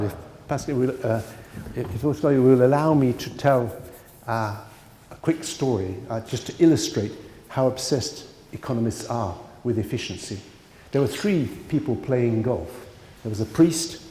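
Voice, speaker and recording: A man lectures at a conference in a loose, chatty way, drifting into asides. His voice is mellow and dark. A long hall reverb surrounds every word. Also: mid-range voice. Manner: conversational, digressive, frequent asides and fillers. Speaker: economics professor giving a lecture.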